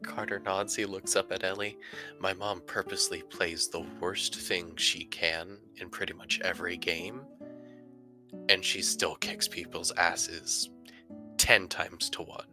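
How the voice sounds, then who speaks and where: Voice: deep voice, flat delivery, a little slow, music in the background. A player in a tabletop role-playing game, narrating characters' actions and speaking lines as them, often calling others darling.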